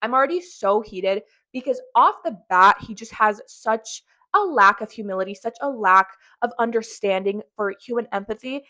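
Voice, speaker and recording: A woman's voice: fairly high pitch, moderate pace, hardly any pauses, bright, forceful tone. An angry, swearing woman commentator. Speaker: commentary host. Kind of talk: reaction commentary.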